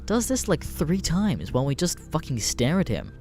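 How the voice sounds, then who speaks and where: A man's voice: fairly high pitch, huge pitch swings, moderate pace, darkish tone, faint music behind. A man narrating a story in a casual, profane, wry way.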